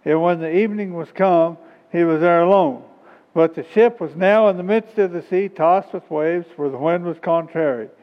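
High-pitched guy preaching, reads scripture, big echo from the hall, kinda muffled sound. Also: moderate pace. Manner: emphatic, rising to high pitch on key points. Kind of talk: sermon with scripture reading. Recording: dull sound with long hall reverb.

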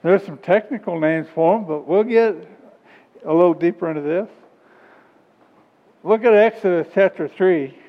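High-voiced man preaching in a hall. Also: normal speed, long pauses. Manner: emphatic, rising to high pitch on key points. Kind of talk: sermon with scripture reading. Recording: dull sound with long hall reverb.

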